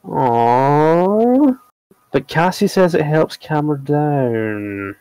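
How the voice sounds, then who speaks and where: A man's voice: fairly high pitch, expressive, very slow, mellow, smooth, no room sound, pitched above the performer's own voice, full character voice. A tiny, cheeky unicorn filly, played by a man. She whines and pouts in a raised, childish voice. The recording is dry and close. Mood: pouting. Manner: whiny, pouting.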